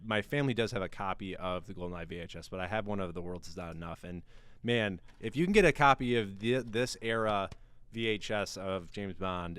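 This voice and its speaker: A man's voice: deep voice, a little fast, a bit bright, smooth, no room sound. A man hosting a podcast in a casual, playful, jokey way, with a studio mic. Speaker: podcast host. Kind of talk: casual podcast chat with mock ad reads.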